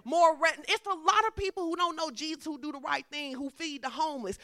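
A woman's voice: high voice, a little fast, hardly any pauses, bright, forceful tone, no echo. A woman preacher, delivering a sermon in a conversational style that builds to fervent emphasis.

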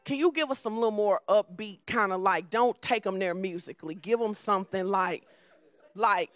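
A woman preaching a conversational sermon, blunt and emphatic, at times dropping soft and low. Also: moderate pace, soft background music.

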